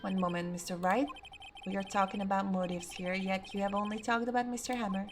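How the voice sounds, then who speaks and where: A woman's voice: medium pitch, fairly even intonation, brisk, background noise, natural voice. A woman reading a stern court judge. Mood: formal. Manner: formal, questioning.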